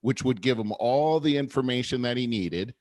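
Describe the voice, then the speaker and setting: A man's voice: medium pitch, lively intonation, moderate pace, a little mellow, dry recording, studio quality. A man in his fifties co-hosting a podcast, explaining ideas earnestly in casual conversation, often restarting sentences. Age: 50s. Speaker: podcast co-host.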